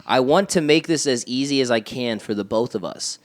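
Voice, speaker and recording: A man with a voice of ordinary pitch, co-hosting a comedy podcast. He reads text messages aloud in a flat reading voice, then breaks off with mocking asides and laughter. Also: fairly quick.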